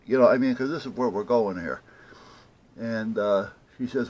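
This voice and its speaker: A man's voice: on the low side, normal speed, darkish tone. An older man telling an annoyed story to camera, indignantly acting out both sides of a phone call. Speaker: vlogger. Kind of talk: casual ranting story to camera.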